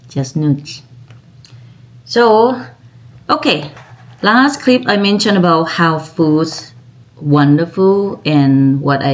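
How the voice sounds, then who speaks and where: A Thai woman in her fifties whose first language is Thai, chatting casually to her vlog viewers in broken English with a Thai accent. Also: lowish voice. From Thailand. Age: 50s. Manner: chatty, broken English, drawn-out friendly phrases. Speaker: vlogger. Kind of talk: casual chat to camera.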